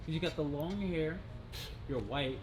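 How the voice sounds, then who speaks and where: A man's voice: on the high side, measured pace, crowd noise, poor audio. A man behind the camera teasing the host, laughing and swearing, heard away from the microphone. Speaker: camera operator. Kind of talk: off-camera banter.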